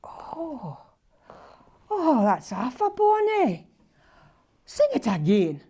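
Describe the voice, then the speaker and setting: A woman voicing her elderly Scottish father, speaking slowly and affectionately. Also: high voice, wildly swooping pitch, warm tone, slightly rough, pitched above the performer's own voice, exaggerated voice. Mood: tender. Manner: slow, drawn-out and affectionate.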